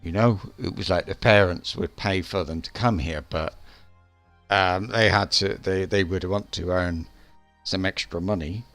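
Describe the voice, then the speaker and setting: A man's voice: deep voice, a little slow, a bit bright, dry recording, faint music behind. A man streaming a game live, chatting casually in a rambling, hesitant way with lots of restarts.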